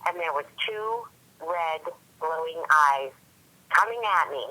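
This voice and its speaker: A woman telling a story from her own youth in a halting way, often breaking off and starting again. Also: low voice, animated, sharp tone, low-quality recording. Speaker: interviewee recalling a family story. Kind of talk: personal recollection.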